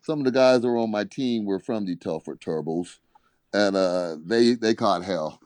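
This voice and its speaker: Low-pitched man, ex-basketball player, spinning a yarn with animated, laugh-filled delivery. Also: moderate pace, no room sound. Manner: animated storyteller, repeats "he said", laughs often. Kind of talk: casual anecdote telling.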